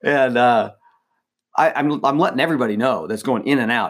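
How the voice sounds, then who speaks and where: A man co-hosting a podcast, telling a story in a casual, animated way, laughing often and full of fillers and restarts. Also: mid-range voice, fairly quick. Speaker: former team mascot, podcast co-host.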